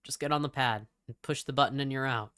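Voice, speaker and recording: A woman reading the lines of an injured man who calmly guides the player through an escape in a horror game. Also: a bass voice, fast, no echo. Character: steady injured male companion, urging the player on.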